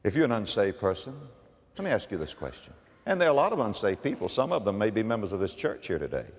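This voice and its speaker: Male preacher, lively and dramatic delivery, recorded in a reverberant church hall. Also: quick pace. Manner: dramatic swings from loud high emphasis to low quiet asides. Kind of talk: sermon.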